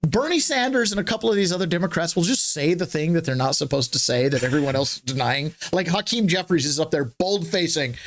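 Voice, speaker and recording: A man's voice: fairly high pitch, fast talker, hardly any pauses, fairly bright tone. A man hosting a podcast, giving casual political commentary in a wry, rambling way and poking fun at the clips he plays. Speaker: podcast host.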